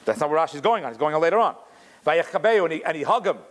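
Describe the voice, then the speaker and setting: A man teaches a Torah class in a higher voice, speaking rapid-fire and with plenty of animation. He explains commentary, keeps restarting his sentences, and mixes in Hebrew terms.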